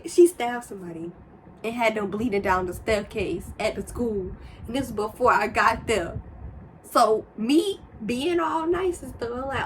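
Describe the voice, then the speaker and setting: A young woman telling a casual storytime, rambling and animated, with sudden high exclamations. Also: unhurried, a little hiss or hum. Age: young adult. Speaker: storyteller vlogger.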